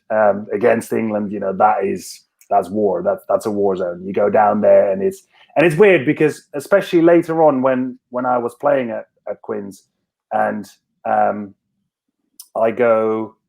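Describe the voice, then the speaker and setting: A man's voice: on the low side, creaky, darkish tone. A man who played rugby, telling a long story in a casual podcast chat, rambling and self-mocking with lots of restarts. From Scotland. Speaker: podcast guest, former rugby winger.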